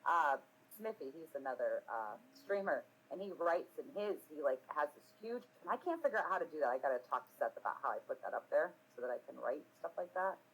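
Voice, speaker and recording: Low-voiced woman streamer, lively and laughing. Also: fast talker, few pauses, husky, rough recording. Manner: rambling, self-mocking, laughs often, swears freely. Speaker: streamer hosting a live podcast. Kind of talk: casual live-stream chat.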